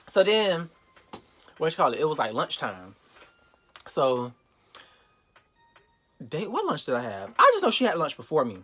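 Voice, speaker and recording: A young man telling a storytime vlog, animated and profane, acting out the quotes loudly. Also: fairly high pitch, moderate pace, long pauses. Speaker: vlogger.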